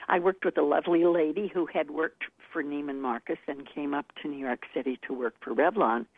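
Guest accent coach, a woman, animated storyteller, gravelly tone, phone-line sound. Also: low voice, a little fast, no echo. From Texas, part of childhood. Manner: animated storyteller, laughs often. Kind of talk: interview over the phone.

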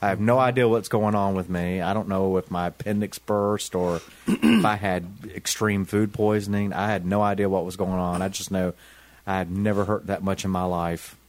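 A man's voice: sits low, steady tone, moderate pace, dry recording. A man casually telling a long story to friends on a podcast, rambling and restarting as he recounts it. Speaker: podcast co-host.

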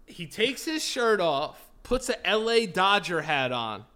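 A man hosting a podcast, casually telling a profane, animated story and laughing at his own telling. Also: high voice, takes it slowly, background noise. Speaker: podcast host.

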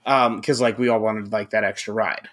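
A man's voice: lowish voice, steady tone, normal speed, fairly bright tone. A young adult man co-hosting a podcast, telling a rambling anecdote full of fillers and casual swearing. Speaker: podcast co-host. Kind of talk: casual chat.

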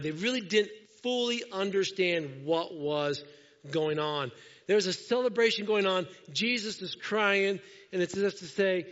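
A fairly high-voiced man preaches to his congregation, animated and acting out the voices of the people in his story. His words ring through a church sanctuary with a long hall echo. The recording sounds dull and lo-fi. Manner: animated, acts out quoted voices. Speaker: pastor. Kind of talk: sermon.

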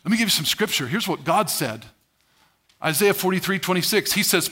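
A male pastor preaching a sermon to a congregation, emphatic and animated, laughing as he goes. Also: high-pitched, brisk, breathy edge.

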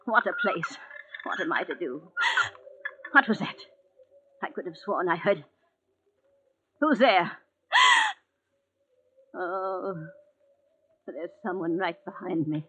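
A woman's voice: on the low side, unhurried, pauses often, husky. An actress in a 1940s radio play voicing a frail, elderly invalid woman in a wheelchair, with a quavering, fretful manner. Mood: panicked. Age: older. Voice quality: quavering, fretful, easily startled. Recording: tinny 1940s radio broadcast.

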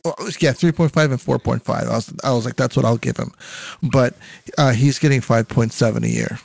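Gravelly man on a sports podcast. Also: medium pitch, sing-song, a little fast, a little mellow, no echo. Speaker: podcast co-host. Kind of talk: casual sports chat.

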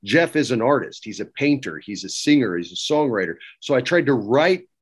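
A middle-aged man telling stories as a guest, lively and laughing as he acts out quoted lines. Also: mid-range voice, a little fast, slightly rough. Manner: laughs often while talking. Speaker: guest recalling work as a wrestling writer. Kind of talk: casual anecdote-telling.

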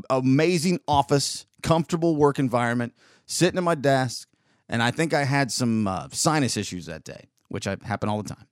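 A man's voice: mid-range voice, no room sound, clean studio sound. A man, rambling through an opinionated casual monologue as a podcast host. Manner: rambling, opinionated, with frequent restarts.

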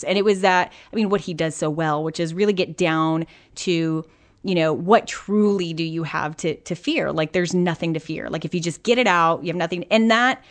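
A woman's voice: lowish voice, normal speed. A woman hosting a podcast, chatting earnestly about a moving personal experience. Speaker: podcast host. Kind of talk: casual interview chat.

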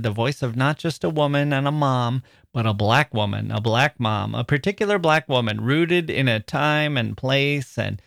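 A man's voice: medium pitch, creaky, no room sound, studio quality. A man hosting a literary podcast, talking thoughtfully and expressively, often reading aloud with feeling. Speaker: podcast host.

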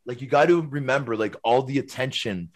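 A middle-aged man, a former hockey player, telling stories casually as a podcast guest, rambling and animated, tagging his sentences with questions. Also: mid-range voice, brisk. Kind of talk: casual storytelling.

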